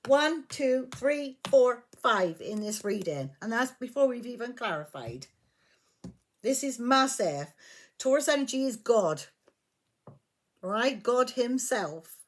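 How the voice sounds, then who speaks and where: A woman giving a tarot reading, blunt and emphatic, swearing freely as she lays out the cards. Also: fairly high pitch. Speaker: tarot reader.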